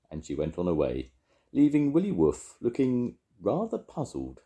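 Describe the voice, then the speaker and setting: An older man reading a children's story aloud, gently chatting with young listeners between lines. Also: on the low side, wildly swooping pitch, moderate pace. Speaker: storytelling grandad.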